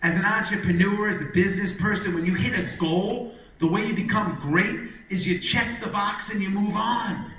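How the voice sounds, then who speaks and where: A middle-aged man telling an energetic, punchy story to a live audience as a motivational speaker, acting out the quotes. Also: sits high, moderate pace. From New York, Long Island. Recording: echoey hall, distant mic.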